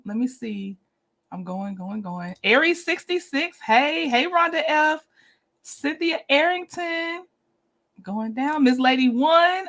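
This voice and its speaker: A woman hosts a casual livestream. Her high voice stays upbeat and chatty as she greets viewers one after another, laughing easily along the way. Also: a bit bright. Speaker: livestream host.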